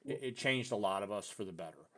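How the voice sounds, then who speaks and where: A young man hosting a podcast, telling a story in loose casual chat and jumping his voice up high when he quotes people. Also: fast. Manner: animated, voice jumps high when quoting people; loose, filler-heavy talk with "dude" and "you know". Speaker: podcast host.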